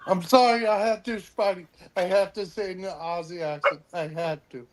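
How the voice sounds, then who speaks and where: A man on a casual chat panel, chatty and quick to joke. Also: sits high, steady tone. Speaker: panel guest.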